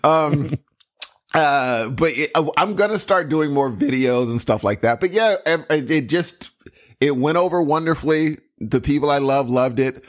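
A man's voice: on the high side, a little slow. A man co-hosting a casual chat podcast, playful and laughing often. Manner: playful, laughs often, repeats words while puzzling. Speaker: podcast co-host and musician.

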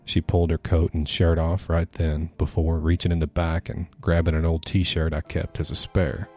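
Male horror narrator, very deep and mellow, steady measured read. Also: faint music behind. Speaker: podcast storyteller. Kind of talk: scripted horror story narration.

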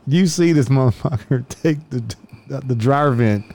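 A man's voice: medium pitch, slow pace. A man telling police stories in casual chat, swearing constantly and laughing often. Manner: profane, laughing often, animated when quoting. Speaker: law enforcement officer telling stories.

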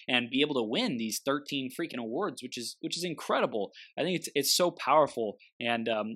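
Bright-toned encouraging interview host. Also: male voice, medium pitch. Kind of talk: casual interview chat.

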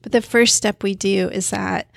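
A woman's voice: medium pitch, steady tone, normal speed, gravelly, fairly bright tone, dry recording, studio quality. A woman therapist explaining a coping skill in a casual, conversational way, thinking aloud as she goes. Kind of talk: casual teaching talk.

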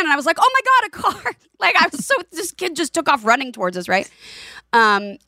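Animated woman podcast co-host. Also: a little high, no echo, clean studio sound. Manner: animated storytelling with laughs and quoted voices. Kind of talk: casual chat.

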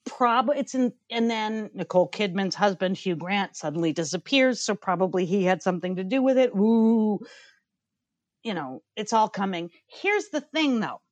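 A woman's voice: mid-range voice, animated, moderate pace, hardly any pauses, no echo. Blunt, profane woman ranting in a podcast. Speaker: podcast co-host. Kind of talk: casual opinionated review chat.

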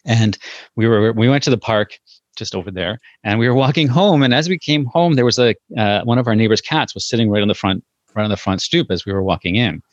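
A man's voice: fairly low pitch, fairly quick, no room sound, highs cut off. A man talking casually as a guest about parenting, hesitant, with many fillers and restarts as he tells stories. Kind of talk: casual podcast conversation.

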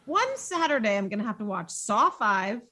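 A woman's voice: fairly high pitch, sing-song, moderate pace, pushed and bright. A woman hosting a casual interview, talking in an enthusiastic, gushing way over a video call. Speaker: podcast host.

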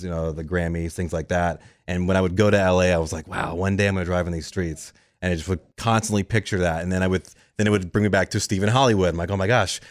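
A man's voice: deep voice, no room sound, studio quality. A man telling his career story as a guest in a casual interview, acting out quoted conversations. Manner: fast, animated storytelling with quoted dialogue. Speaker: guest, radio producer.

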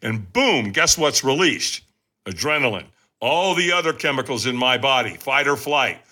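A man appearing as a podcast guest tells a story in an animated, emphatic way, often speaking directly to listeners. His voice is medium in pitch at a moderate pace.

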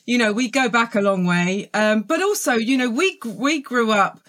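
A woman in her forties with a southern English accent, a guest author in a podcast interview, thoughtful and friendly, pausing often with fillers. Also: on the high side, animated, fairly bright tone. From England. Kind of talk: casual interview.

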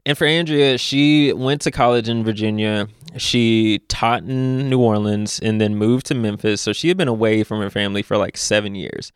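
A young man from Louisville chats as a podcast guest, spinning lively stories and laughing along the way. His voice sits a little low and sounds smooth and clear. The recording is dry and close. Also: no echo. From Louisville, Kentucky. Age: young adult. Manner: animated storyteller, laughs often, quick asides. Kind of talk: casual conversation.

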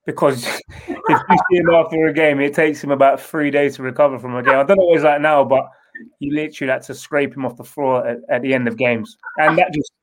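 A man's voice: mid-range voice, steady tone, brisk, rough recording. A man, a former footballer answering interview questions in a loose, rambling way with many restarts. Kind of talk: casual interview.

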